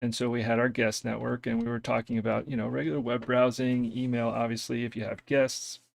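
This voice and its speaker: A man's voice: mid-range voice, level tone, a little fast, creaky, no echo. A man hosting a casual technical live stream from home, talking hesitantly with many fillers and self-deprecating asides. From US East Coast.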